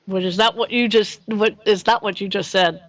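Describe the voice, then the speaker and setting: A woman's voice: mid-range voice, steady tone, moderate pace, no room sound, poor audio. A woman running a tabletop game as game master on a live stream, rambling and giggly, correcting herself as she goes. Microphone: streaming microphone.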